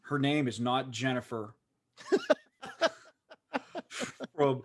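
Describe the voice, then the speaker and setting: A man's voice: medium pitch, drawn-out words. A man with a Pittsburgh accent, co-hosting a podcast and telling a long, rambling story full of "like" fillers. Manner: rambling, animated, lots of "like" fillers. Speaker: podcast co-host. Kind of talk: casual storytelling chat.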